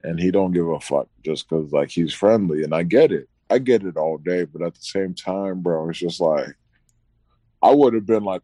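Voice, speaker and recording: Male co-host, deep dark tone, slangy storyteller. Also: moderate pace, no room sound. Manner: loose slangy, keeps saying bro. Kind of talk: casual chat, storytelling.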